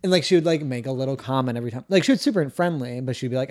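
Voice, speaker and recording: A man's voice: mid-range voice, animated, rapid-fire, darkish tone. A young man co-hosting a podcast, chatting casually in a frank, somewhat blunt way. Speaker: podcast co-host. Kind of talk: casual chat.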